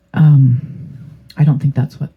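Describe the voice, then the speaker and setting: Her voice sits low and sounds husky as she does a casual tarot reading for her channel. She rambles and hesitates, leaning on many fillers, and the audio has a tinny, phone-like sound.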